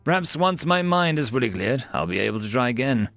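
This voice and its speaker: A man voicing a calm, courteous male mage who speaks formally and takes defeat well. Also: medium pitch, brisk, faint music behind. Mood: polite.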